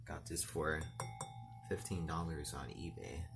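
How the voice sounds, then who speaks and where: Low-voiced man explaining his alarm gear. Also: steady tone, vocal fry, music in the background. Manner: plain, unhurried explaining with restarts. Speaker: fire alarm hobbyist vlogger. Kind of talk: casual show-and-tell narration. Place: bedroom in an apartment.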